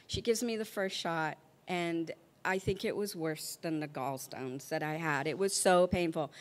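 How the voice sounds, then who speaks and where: A woman's voice: low-pitched, measured pace. A middle-aged woman telling a comic story on stage, acting out the people in it. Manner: animated, acts out the people in her story.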